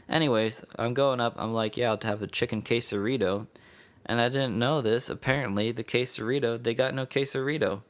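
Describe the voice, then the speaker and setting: A man hosting his own podcast, telling a story in a loose, meandering, profane way with chuckles. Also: on the low side. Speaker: podcast host. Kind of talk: rambling casual storytelling.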